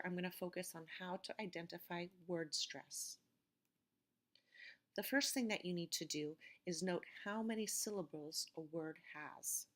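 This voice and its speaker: A woman teacher giving a recorded vocabulary lecture and reading word lists slowly, stressing each syllable with care. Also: fairly low pitch. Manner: slow, careful pronunciation drills.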